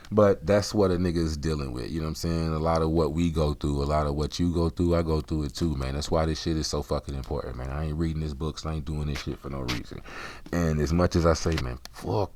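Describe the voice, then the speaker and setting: A man's voice: rumbling low, steady tone, fairly quick, a little mellow, a little hiss or hum. A man hosting his own vlog, rambling in a casual, profane monologue full of street slang. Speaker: vlog host.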